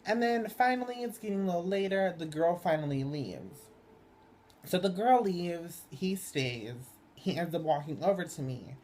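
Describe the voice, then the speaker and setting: Young woman vlogger, low mellow voice, chatty and profane, filler-heavy, animated storytelling. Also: normal speed. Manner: animated, swings high and loud when excited. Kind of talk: casual storytelling to camera.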